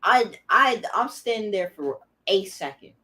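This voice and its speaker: Bright, teasing young-sounding woman. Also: mid-range voice, lively intonation, unhurried. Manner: teasing, giggly, ribbing. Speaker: co-host, daughter of the host. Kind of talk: casual banter on a live stream.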